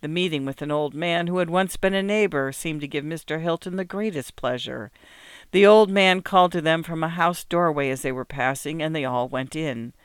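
A man narrating an old-fashioned storybook in a gentle, even, unhurried reading voice. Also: fairly high pitch, clean tone, no echo, studio quality. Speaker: audiobook narrator.

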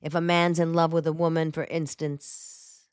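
A woman's voice: on the low side, a little slow, dry recording, clean studio sound, close to an everyday voice. A woman voicing an earnest young male soldier who speaks in terse, clipped sentences.

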